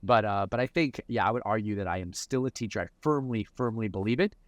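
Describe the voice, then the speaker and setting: Low-voiced reflective man, dry sound. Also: quick pace, no echo. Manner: reflective, repeats words when starting a thought. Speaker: mental performance coach, guest. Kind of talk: conversational interview answers.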